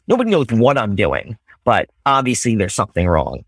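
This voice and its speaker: A man's voice: fairly low pitch, a little fast, dry recording. Candid man acting out his past. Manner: animated storytelling, acting out past conversations; blunt, swears casually. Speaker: man in recovery sharing his story. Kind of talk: candid personal testimony in a group.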